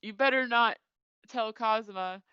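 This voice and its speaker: A woman's voice: fairly high pitch, unhurried, smooth, no echo, dull audio, natural voice. A woman doing a curt, bossy teenage boy.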